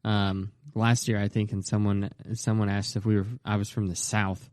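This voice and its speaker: A man's voice: on the low side, normal speed, no echo, clean studio sound. A man with an Indiana accent co-hosting a podcast, telling stories with lots of laughter. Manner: laughing, animated storytelling. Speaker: podcast co-host. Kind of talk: casual podcast chat.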